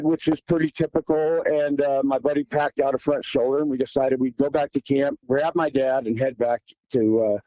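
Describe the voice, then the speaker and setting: A guest who hunts tells a tense hunting story in casual, vivid detail, quoting dialogue as he recounts the encounter. His voice is a little high with a dark tone, recorded roughly with no echo.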